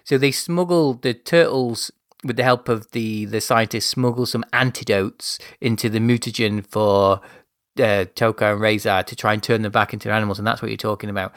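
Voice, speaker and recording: A man in his thirties co-hosting a movie podcast, chatty and quick to laugh, often repeating himself. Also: fairly low pitch, steady tone, dry recording, studio quality. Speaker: podcast co-host. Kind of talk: casual chat.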